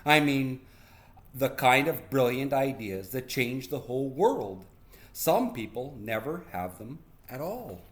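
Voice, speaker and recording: Man reading kids' book, slow, lively pitch. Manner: slow and expressive. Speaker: storybook reader. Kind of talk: children's read-aloud.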